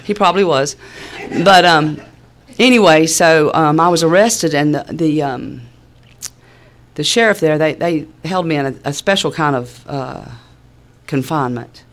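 With a low-pitched voice, she takes her time. A Southern US woman shares her personal recovery story, drawling, laid-back and wryly funny, with many fillers.

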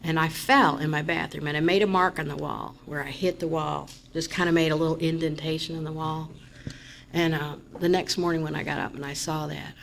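A woman's voice: low voice, vocal fry, a little hiss or hum. A woman giving a candid, rambling personal testimony at a recovery meeting. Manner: candid, rambling, rising to loud frustration in retold moments. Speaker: member sharing at a recovery meeting.

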